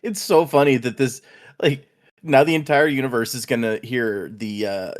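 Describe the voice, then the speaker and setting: A man's voice: mid-range voice, moderate pace. A man hosting a casual book-club podcast, recapping chapters in a laid-back, chuckling way with loose run-on sentences. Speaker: podcast host.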